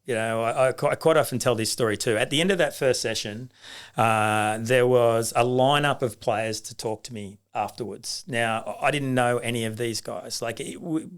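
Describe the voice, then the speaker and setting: A man's voice: mid-range voice, moderate pace, clear, resonant tone. A middle-aged man with an Australian accent, a guest in an interview, telling stories in a loose, anecdotal way with lots of restarts. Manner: anecdotal, acts out quoted voices, many restarts. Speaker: guest, rugby league coach. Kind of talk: storytelling in a casual interview.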